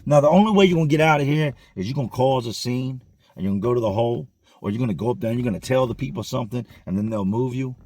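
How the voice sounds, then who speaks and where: A man's voice: medium pitch, lively intonation, rapid-fire, dark tone. A man casually telling a story in slangy street vernacular, with frequent conversational asides to the listener.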